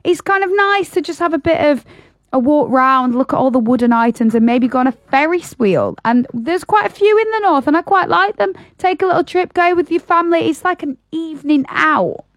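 A woman with a northern English accent co-hosts a radio show in a high, bright-toned voice. She chats eagerly and draws out words when she savors a point. Her voice is recorded close and dry in the studio. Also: lively intonation, brisk, no room sound. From Yorkshire, North of England. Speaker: radio co-host. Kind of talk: casual radio chat.

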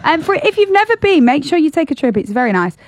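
Woman, northern English accent, radio co-host, high voice, dry close studio sound, chatty and keen. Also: big pitch swings, no room sound. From Yorkshire, North of England. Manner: chatty and enthusiastic, drawn-out words when savoring a point. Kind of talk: casual radio chat.

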